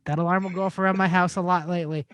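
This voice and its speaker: A man co-hosting a podcast, reading a joking mock commercial and trading deadpan asides. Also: high-pitched, racing, clean tone, no echo. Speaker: podcast co-host.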